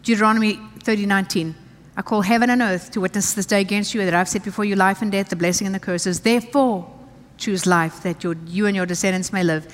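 A woman's voice: medium pitch, steady tone, quick pace. A woman pastor preaching a sermon, reading scripture aloud and repeating key phrases with emphasis. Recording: church hall reverb.

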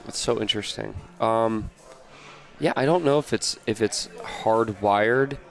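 American man, low voice, rambling, animated, lots of restarts, casual podcast chat. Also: a little slow, vocal fry. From United States. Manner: rambling, animated storytelling with many restarts and fillers. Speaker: podcast guest.

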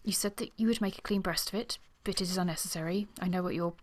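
A woman's voice: lowish voice, fast talker, close to an everyday voice. A woman reading a proud young governess from a novel, earnest and flustered, at times close to a whisper. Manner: earnest, sometimes dropping to a whisper.

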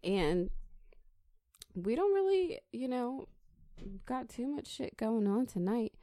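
A woman's voice: fairly high pitch, very animated, mellow, no room sound. A young woman hosting a casual podcast, playful and teasing, hamming up cowboy greetings into the mic. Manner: playful, mock-cowboy greetings, drawn-out intros. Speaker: podcast host. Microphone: studio podcast mic.

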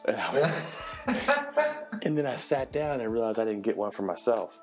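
A man hosting a podcast as a chef, telling animated stories in casual chat, swearing and acting out other people's voices. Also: mid-range voice, normal speed, faint music behind.

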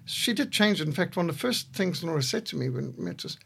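A man in his sixties, co-host of a podcast, telling measured stories with a dry humor. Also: sits high, animated, creaky, husky. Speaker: podcast co-host, missionary leader. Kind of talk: reflective conversation.

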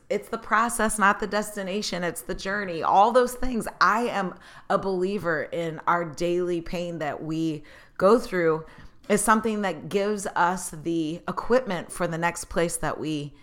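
A woman telling a personal story in an earnest, motivational way, laughing often and getting emotional. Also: on the low side. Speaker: speaker sharing stories.

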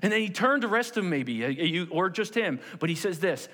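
A man preaching a sermon to a congregation, animated and acting out the scenes of the story in different voices. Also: high-pitched, a little fast, few pauses, in a large hall. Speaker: pastor.

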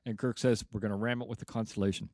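A podcast co-host with a lowish voice retells a TV episode at a very fast clip during casual chat. He's an animated storyteller, humming the music cues and acting out the lines, and the recording has no echo.

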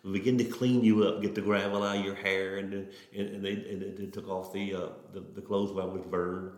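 A man's voice: low voice, little pitch movement, a little fast, a little mellow. A middle-aged man, a preacher telling his testimony in an earnest, folksy way with many restarts. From Oklahoma. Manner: folksy, earnest, repetitive starts. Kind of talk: testimony storytelling. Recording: roomy echo.

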